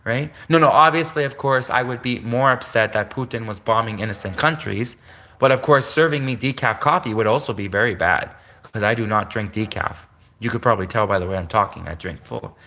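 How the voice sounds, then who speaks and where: A man's voice: on the low side, a little fast, sharp tone. A man from Canada, ranting indignantly on a solo livestream in a rambling way, with joking asides.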